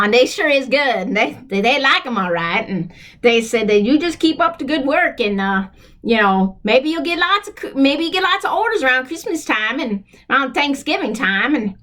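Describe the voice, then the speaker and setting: A woman's voice: high-pitched, a bit bright. A woman telling a long first-person story in a rambling, repetitive, earnest way.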